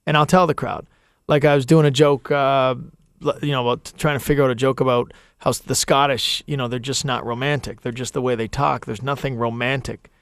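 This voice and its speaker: A man with a Canadian accent, a comedian guest on a radio show, telling animated stories and acting out quotes. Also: medium pitch, brisk, clear, resonant tone, no room sound, clean studio sound. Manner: animated storyteller, acts out quotes. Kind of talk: casual radio chat. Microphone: studio microphone.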